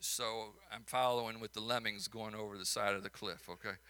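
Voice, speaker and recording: A man's voice: on the low side, steady tone, fairly quick, bright, forceful tone, clear, resonant tone. A man with a Chicago accent, a minister preaching a sermon and telling stories, building to emphatic peaks between folksy asides.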